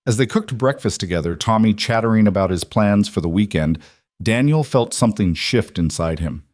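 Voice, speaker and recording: A man narrating a scripted story in a steady storytelling manner. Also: fairly low pitch, moderate pace, no echo, studio quality.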